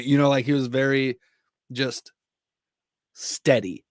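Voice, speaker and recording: A man's voice: mid-range voice, dry recording, clean studio sound. A young man co-hosting a casual podcast, talking about a film with enthusiasm and lots of fillers. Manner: enthusiastic, many fillers, quick bursts of excitement. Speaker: podcast co-host.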